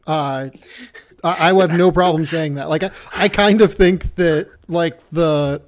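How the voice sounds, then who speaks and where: A man's voice: fairly high pitch, unhurried. A man hosting a casual sports podcast, teasing his guest in a dry, wry way. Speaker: podcast host.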